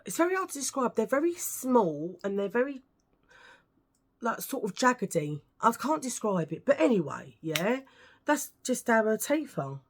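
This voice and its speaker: A woman's voice: fairly high pitch, sing-song, a little slow. A British woman vlogging, telling stories to camera in a chatty, ranting way with lots of asides. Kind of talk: casual storytelling to camera.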